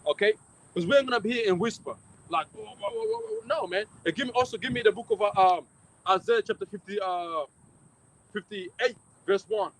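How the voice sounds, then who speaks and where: High-voiced, loud, profane preacher man. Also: very animated, brisk, rough recording. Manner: loud, profane, emphatic, mocking critics. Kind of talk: fiery street-style preaching.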